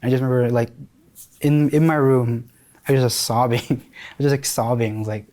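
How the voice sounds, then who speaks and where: A man's voice: medium pitch, fairly even intonation, a little fast, mellow. A man in his thirties from New York, candidly and emotionally telling his life story in an interview, often restarting his sentences.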